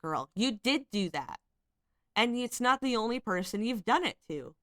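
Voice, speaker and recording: A commentary channel host with a slightly high, animated voice and a sharp tone goes over screenshots at normal speed. She is critical and fed up, meandering through her remarks with plenty of hedges and fillers. The recording is dry and studio quality.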